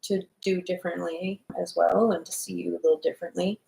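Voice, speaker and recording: A woman's voice: lowish voice, flat delivery, brisk, creaky, dark tone, roomy sound, rough recording. A woman co-hosting a casual chat, supportive and encouraging toward the other speaker. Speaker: co-host.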